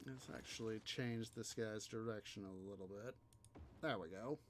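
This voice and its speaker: A man's voice: fairly low pitch, moderate pace, slight background noise. A man hosting a city-building game video, musing aloud in rambling casual commentary full of fillers. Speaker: let's play host.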